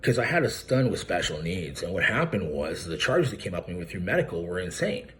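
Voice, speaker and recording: Low-pitched and a bit bright, with big pitch swings and a brisk delivery, a YouTuber rants directly to camera calling out a credit repair business by name. The angry vlog is profane, confrontational and mocking, and there's a little hiss or hum.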